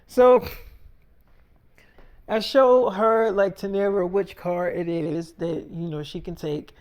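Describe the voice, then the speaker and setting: A man's voice: high voice, flat delivery, slow pace, pauses often, highs cut off. A man telling a long improvised story in a casual, profane way, retelling every exchange as "I'm like, she's like.". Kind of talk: rambling improvised spoken story.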